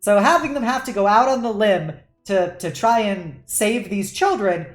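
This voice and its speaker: A woman's voice: medium pitch, normal speed, reverberant, faint music behind. A woman hosting a casual streamed panel as game master, chatting loosely with frequent laughs and casual swearing.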